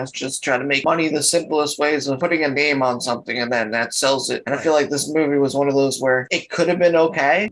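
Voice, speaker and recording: A man's voice: a little high, a bit bright, rough recording. Laid-back man, co-host of a review show. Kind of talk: casual review chat.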